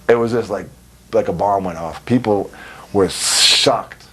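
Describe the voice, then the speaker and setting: A man's voice: lowish voice, normal speed, husky. A man in his thirties giving a candid interview as a wrestler, telling stories bluntly with lots of swearing. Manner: blunt, animated storytelling with swearing and laughs. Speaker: interview guest, pro wrestler. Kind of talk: candid, profane interview talk.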